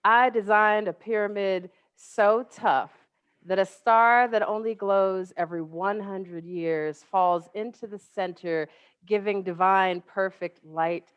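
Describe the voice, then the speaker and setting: A woman's voice: mid-range voice, steady tone, slow pace, smooth, lightly acted. Woman reciting as a proud, boastful Buddha. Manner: grand, boastful declamation. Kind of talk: poetry recitation. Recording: dry, dull lo-fi webinar audio.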